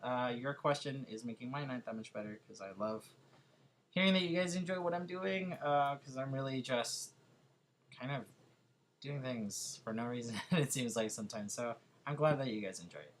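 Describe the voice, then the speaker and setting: A young man with a Californian accent answers viewer questions in a relaxed vlog. He speaks in a mid-range voice, pausing often and padding his sentences with "um" and "like." The faint hiss of the room sits under his voice. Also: mid-range voice. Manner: hesitant, lots of fillers and "like". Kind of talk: casual chat.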